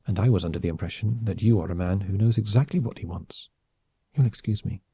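A man's voice: lowish voice, fast, dark tone, breathy edge, no room sound. A man reading the part of a poised, aloof woman aristocrat who speaks in a cool, polite and dismissive way. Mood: coolly dismissive.

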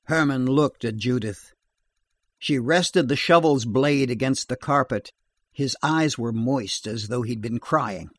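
A man reads a horror story in a steady, measured way. His pace is slow and unhurried. The sound is dry and close. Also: medium pitch, no echo. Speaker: narrator. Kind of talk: horror audiobook narration.

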